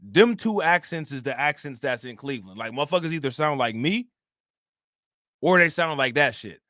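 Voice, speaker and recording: A man from Northeast Ohio with a flat Midwestern accent, hosting a casual livestream and rambling to his chat in slangy, loose talk. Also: medium pitch, normal speed, no echo, clean studio sound. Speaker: livestream host.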